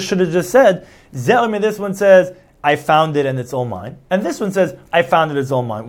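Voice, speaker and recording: A man's voice: fairly high pitch, a little mellow. A man giving a Talmud study lecture, explaining step by step, restating each point and acting out the quoted claims. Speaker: Talmud teacher.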